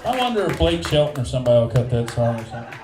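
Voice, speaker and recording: A man doing stand-up, telling a rambling story and landing deadpan punchlines. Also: mid-range voice, rapid-fire, heavy background noise. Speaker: stand-up comedian and singer-songwriter. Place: small bar stage with a live audience. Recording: roomy bar sound with guitar playing. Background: acoustic guitar.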